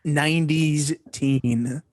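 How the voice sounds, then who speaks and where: A man's voice: a little high, steady tone. A man co-hosting a podcast, dropping short jokes and wisecracks into a film recap. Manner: joking, quick quips and swearing. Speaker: podcast co-host. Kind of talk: casual podcast banter.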